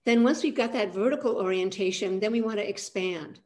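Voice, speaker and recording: An older woman, an aikido teacher, guiding a calm centering practice on a video call with a soft, unhurried manner. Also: medium pitch. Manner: calm, soft-spoken guidance with frequent pauses.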